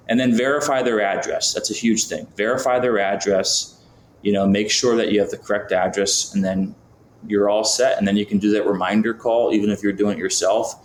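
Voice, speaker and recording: Speaking fairly quickly in a fairly low voice, this business founder from Florida is a guest on a podcast. He keeps things chatty, leans on lots of fillers, and plays out example phone calls. There's a roomy feel and a faint hum of background ambience.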